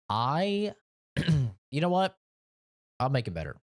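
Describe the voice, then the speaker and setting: A man's voice: mid-range voice, sing-song, slow pace, long pauses. A man live streaming video games, chatting casually in a rambling, profane way. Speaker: game streamer.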